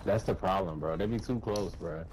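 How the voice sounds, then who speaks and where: A man's voice: low voice, fairly quick, background noise. A man chatting with a gaming friend, teasing him in slangy banter and laughing often. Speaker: friend and teammate. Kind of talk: casual gaming chat.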